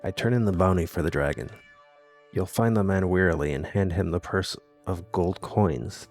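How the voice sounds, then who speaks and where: A man reading a text adventure game aloud and adding wry, deadpan comments between lines. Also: sits low, measured pace, soft background music. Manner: wry, deadpan asides with laughs. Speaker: gamer playing a text adventure.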